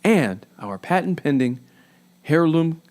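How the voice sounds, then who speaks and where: Slightly high man reading odd news. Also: animated, slow, a little mellow. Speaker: podcast co-host reading news items. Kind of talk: reading funny news stories aloud.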